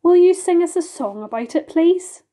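A woman's voice: very high voice, expressive, normal speed, mellow, pitched above the performer's own voice. A woman voicing a polite, curious young boy who asks eager questions. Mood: earnest.

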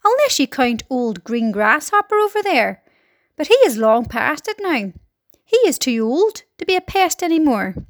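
Brief: woman doing a cocky, rascally storybook centipede, high and bouncy, crowing. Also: very animated, normal speed, dry recording, studio quality. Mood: boastful. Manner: loud, gleeful and boastful. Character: boastful cheeky male centipede.

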